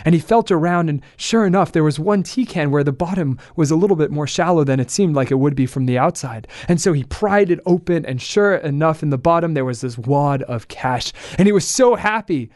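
A man narrating a folk tale as the show's storyteller, in a steady, plain manner. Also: a little high, brisk, few pauses, no echo, clean studio sound. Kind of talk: scripted narration.

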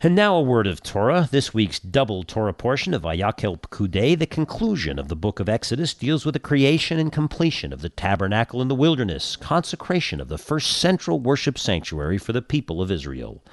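Deep, expressive male rabbi host. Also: brisk, hardly any pauses. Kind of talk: radio show hosting and teaching.

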